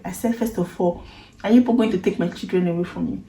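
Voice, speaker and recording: With earnest feeling, a Nigerian woman vlogger recounts her own story to camera, her speech sprinkled with Pidgin phrasing. She talks quickly in a warm, mellow, medium-pitched voice. The space sounds noticeably echoey, with slight background noise.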